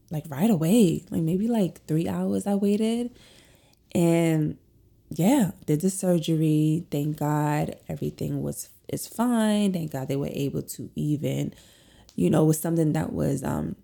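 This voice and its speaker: A woman's voice: low voice, vocal fry, warm tone. A young woman tells a personal story in a chatty, rambling way, full of "like" and "um". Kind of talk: casual storytelling.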